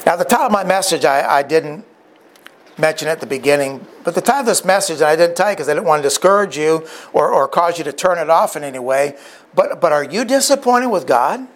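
A male preacher with a fairly high voice retells a story vividly in his sermon. He often restarts and throws in asides as he goes. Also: animated, a little fast.

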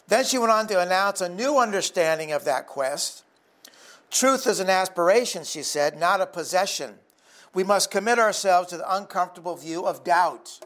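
A man pastor preaching a sermon for an online church, telling stories and jokes and acting out the voices in them. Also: high-pitched.

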